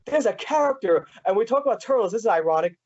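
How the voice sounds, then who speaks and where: Talking fast in a high, animated, slightly mellow voice, a young man hosts a podcast interview in casual chat. Eager and rambling, he leans on many fillers, and the recording has a dull lo-fi quality.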